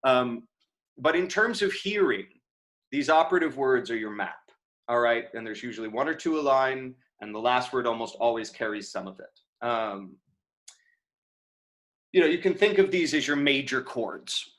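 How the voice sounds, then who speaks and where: A man's voice: medium pitch, lively intonation, moderate pace, fairly bright tone. Casual American man teaching acting. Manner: casual, conversational, with frequent fillers and restarts. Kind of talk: lecture over a video call. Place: home room on a video call. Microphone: video call microphone.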